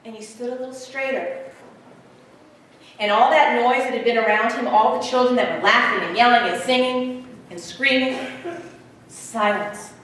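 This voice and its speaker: Woman guest speaker, storytelling sermon, animated, big hall echo, faint room ambience. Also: a little high, a little hiss or hum. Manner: animated storytelling, swinging from loud to hushed. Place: theater hall at a church service. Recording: echoey hall from far off.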